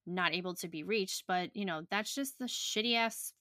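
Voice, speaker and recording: A woman's voice: medium pitch, normal speed, bright, forceful tone, dry recording. A young adult woman hosting a podcast in casual chat, blunt and profane with lots of fillers, talking on a close podcast mic. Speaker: podcast host.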